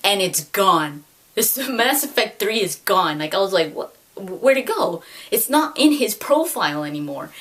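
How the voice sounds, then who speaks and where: A woman in her twenties chatting excitedly about gaming news with lots of fillers, recorded at home. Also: mid-range voice, normal speed. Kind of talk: casual chat.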